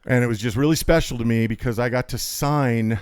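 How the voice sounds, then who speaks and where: A man guesting on a podcast who talks fast and freely, rambling from one story to the next with jokes and shout-outs. His voice sits in a medium pitch. The recording is dry, with little room sound. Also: smooth, dry recording. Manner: high-energy, talkative, jokey, does voices for quotes.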